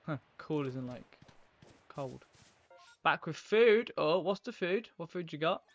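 A man's voice: fairly high pitch, animated, unhurried, dull audio. A man live-streaming a game, chatting in a rambling, casual way to his viewers as he plays. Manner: rambling, chatty, talks to viewers while playing.

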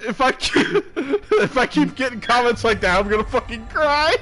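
Let's play dude cracking crude jokes, giggly, high lively voice, game music faint behind. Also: male voice, normal speed. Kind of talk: casual gameplay commentary.

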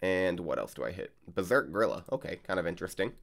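Man, deep voice, casual rambling gameplay talk, chatty, desk mic. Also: expressive, fast, vocal fry, fairly bright tone. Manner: rambling, chatty, filler-heavy. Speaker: card game channel host. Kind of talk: casual gameplay vlog and commentary. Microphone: desk mic while recording gameplay.

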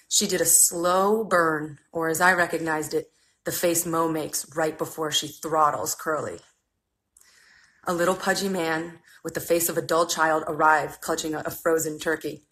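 A woman in her thirties reading a comic memoir aloud on a phone livestream. Her voice sits a little low but has a bright, forceful edge, and her delivery stays wry and dry. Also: low-quality recording. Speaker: reader. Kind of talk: live reading of a humorous memoir. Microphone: phone mic.

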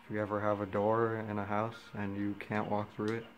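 A man's voice: lowish voice, monotone, fairly quick, rough recording. A man giving goofy, joking let's-play commentary and talking to the characters on screen. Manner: goofy, jokey, talks to the game characters. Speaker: gameplay commentator. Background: game music.

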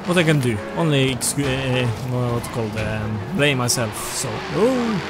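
Halting man commenting on a race game. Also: on the high side, expressive, heavy background noise. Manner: rambling, halting, with frequent restarts and self-talk. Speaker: gaming channel host. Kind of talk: casual racing game commentary. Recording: game music playing over the voice.

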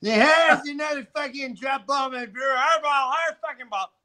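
A man doing an impression of a brash male comedian friend who swears constantly and shouts orders. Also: lively intonation, takes it slowly, full character voice. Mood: bossy, rowdy. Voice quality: shouting, cursing, higher-pitched. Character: brash swearing male comic buddy, loud and bossy.

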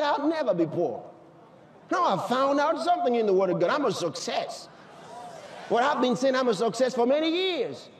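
A man preaching a sermon to a live congregation, fervent and emphatic, often shouting and firing rhetorical questions at the crowd. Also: extremely high pitch, a little hiss or hum. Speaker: pastor.

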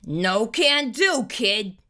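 A gruff, bossy male monster who growls every word, as a woman storyteller puts him on. His lines drag out slowly, and the voice sits bright and high despite the growl. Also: sing-song, full character voice. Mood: grumbling. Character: hulking grumpy male bedtime monster.

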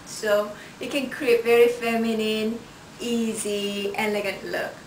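Slow-talking woman stylist. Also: on the high side, little pitch movement, a little hiss or hum. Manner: unhurried, shows each item with "like this". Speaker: fashion stylist presenting clothes. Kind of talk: product styling demo. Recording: roomy sound from a distance.

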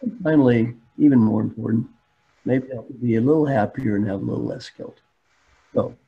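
Husky older man giving a webinar talk. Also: mid-range voice, warm tone. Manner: storytelling, repetitive, plainspoken. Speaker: speaker, coach. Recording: dull webinar audio.

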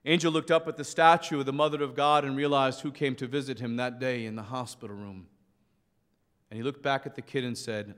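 A priest preaching with passion and telling a dramatic story, acting out its voices. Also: male voice, medium pitch, fairly even intonation, brisk, smooth. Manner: impassioned storyteller who acts out the shouting in his story. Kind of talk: preaching a rally speech with a story. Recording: long hall reverb.

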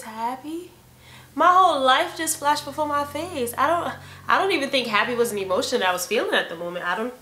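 Bright-voiced woman in her twenties telling a story. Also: a little high, roomy sound, slight background noise. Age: 20s. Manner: animated storytelling, acting out texts and replies. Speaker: vlogger. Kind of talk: casual storytime vlog. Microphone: camera mic.

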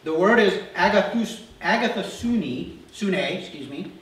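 This male pastor's voice is high-pitched, animated, slightly bright and unhurried as he delivers a conversational sermon full of questions for his congregation. He was recorded in a church sanctuary, with the mic far away in an echoey hall.

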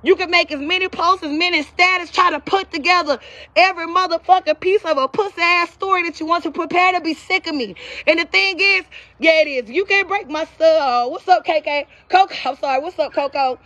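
Woman, North Carolina accent, high bright voice, profane defiant live-stream rant. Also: fairly quick, dry recording. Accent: Southern US, North Carolina. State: out of breath at times. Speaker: social media vlogger.

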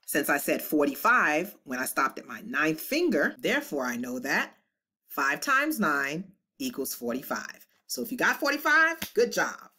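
A woman teacher leading a children's math lesson with a low but bright voice. Her pitch swings widely as she counts along in a sing-song, encouraging way. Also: big pitch swings, measured pace, husky.

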